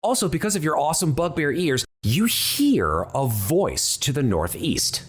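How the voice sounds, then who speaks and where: Animated male dungeon master. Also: on the high side, measured pace, husky. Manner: descriptive, animated narration. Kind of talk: narrating a tabletop role-play game.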